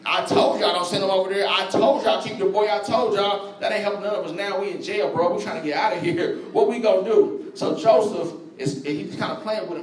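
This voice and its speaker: A high-pitched man preaching a sermon, speaking conversationally and slangily and calling out to his congregation. He sounds distant from the mic, and his voice rings around an echoey church hall. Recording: echoey room, voice from far off.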